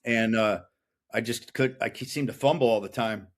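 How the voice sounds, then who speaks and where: A man's voice: on the low side, normal speed. A man in his thirties, a podcast guest, telling his story in a blunt, profane, intense way. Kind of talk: casual interview chat.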